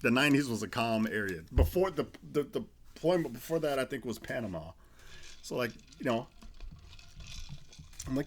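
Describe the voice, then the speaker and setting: A man's voice: medium pitch, expressive, moderate pace, pauses often, slight background noise. A man in his forties, an army veteran guest, telling stories in loose, profane, casual podcast chat. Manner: loose, profane storytelling with restarts.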